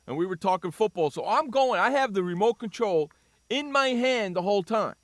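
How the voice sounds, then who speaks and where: A sports radio host, a man with a high, lively voice that leaps up and down as he rants. He talks excitedly and keeps dropping "freaking" into every other sentence. The sound is dry and close, with no room around it. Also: a little fast, dry recording. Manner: animated, ranting, swears mildly with "freaking".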